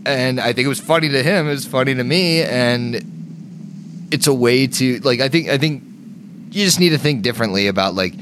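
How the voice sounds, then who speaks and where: A man's voice: medium pitch, moderate pace, noisy background. A man co-hosting a tabletop gaming podcast and explaining how he runs his games, in loose casual chat with a lot of swearing. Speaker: podcast co-host and game master.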